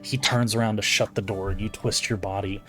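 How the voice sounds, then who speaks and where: A man narrating a tabletop game as game master, in a relaxed, descriptive way with casual fillers. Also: fairly low pitch, a little fast, faint music behind.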